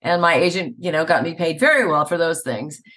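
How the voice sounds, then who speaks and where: A middle-aged woman voice actor speaks in an interview with a slightly low, even voice. She is chatty and tells stories, often breaking into a laugh. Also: a little fast. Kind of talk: casual interview conversation. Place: Atlanta area.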